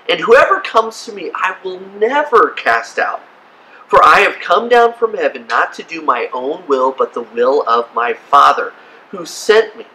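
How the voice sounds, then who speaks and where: A man giving an animated children's sermon as pastor, acting out silly voices and reactions. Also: a little high, a little hiss or hum, poor audio. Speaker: kids' pastor.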